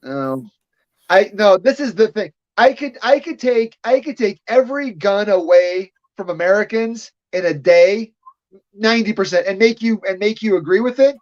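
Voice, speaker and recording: A man with a rather high voice argues his case in a casual livestream chat, stacking up rhetorical questions. His audio sounds slightly dull and lo-fi. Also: expressive, normal speed, a little mellow. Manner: argumentative, building points rhetorically. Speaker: podcast co-host.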